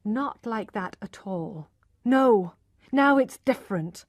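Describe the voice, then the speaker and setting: A woman's voice: high-pitched, very animated, a little slow, a little mellow, no echo, clean studio sound, voice pushed up. A woman reading an earnest young farm wife. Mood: earnest, firm. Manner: earnest and pleading.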